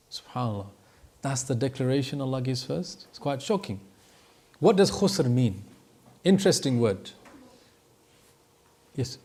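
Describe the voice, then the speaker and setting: A man teaching a class, stressing key words and slowing down to drive points home. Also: mid-range voice, expressive, a little mellow. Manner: emphatic, stretches key words to stress them. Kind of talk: classroom lesson.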